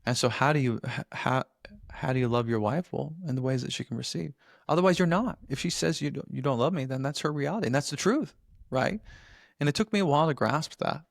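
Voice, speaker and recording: A man's voice: medium pitch, brisk, vocal fry, no echo, studio quality. A man as a podcast guest, talking earnestly in a casual interview and often restarting his phrases.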